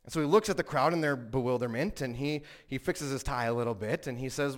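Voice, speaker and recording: A man's voice: medium pitch, fast, hardly any pauses. A man preaching a sermon in an earnest way, rising to emphatic peaks and telling stories with quoted voices.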